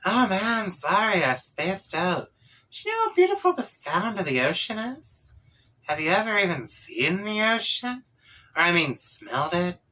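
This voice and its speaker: A man voicing a spaced-out, mellow male troll who talks in a slow, sleepy drawl. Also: high voice, very animated, pitched above the performer's own voice, exaggerated voice. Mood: drowsy.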